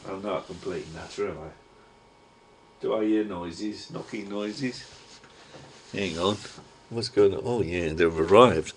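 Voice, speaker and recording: A low-voiced man with a thick Cockney accent talks to his webcam from home. He drifts from one thing to the next in a gruff, slangy ramble, throwing in the odd mild curse. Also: a little slow, pauses often, slight background noise. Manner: chatty, digressive, gruff slang and mild swearing. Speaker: webcam vlogger. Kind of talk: rambling casual monologue to a webcam.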